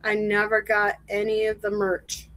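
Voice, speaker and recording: A woman's voice: mid-range voice, completely flat delivery, measured pace, fairly bright tone, poor audio. A woman from the American Midwest chatting as a guest on a live stream over a video call, laughing often and acting out quoted conversations. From Midwest US, born in Michigan. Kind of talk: casual chat on a live stream.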